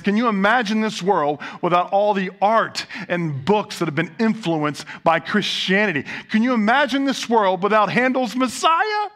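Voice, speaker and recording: In the sanctuary, this preacher mixes jokes and funny anecdotes with rhetorical questions aimed at the congregation. He speaks in a high, slightly bright voice.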